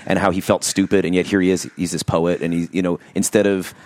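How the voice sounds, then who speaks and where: Deep-voiced easygoing male host. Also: flat delivery, fast talker, a little mellow. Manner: easygoing, loose, self-deprecating. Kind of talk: conversational interview.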